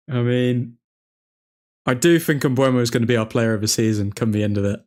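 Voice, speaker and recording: Man, football watchalong host, live fan commentary, excitable shouts, grumbling at the ref. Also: mid-range voice, normal speed. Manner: pleading and grumbling at the referee.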